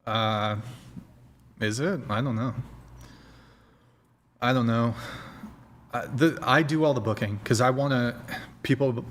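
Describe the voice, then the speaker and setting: A young man chats loosely on a livestream, rambling from one thought to the next and swearing casually. His voice sits in a middle pitch, picked up by a desk mic at home. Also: slow, pauses often, fairly bright tone, a little hiss or hum. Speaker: host.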